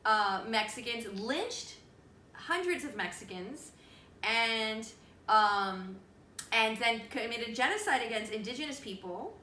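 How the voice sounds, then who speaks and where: A woman with a bright, forceful, fairly high voice co-hosts a casual podcast. She speaks frankly and outspokenly and swears freely. Her voice rings in an echoey room with faint noise behind it. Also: lively intonation, takes it slowly. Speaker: podcast co-host. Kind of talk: casual chat.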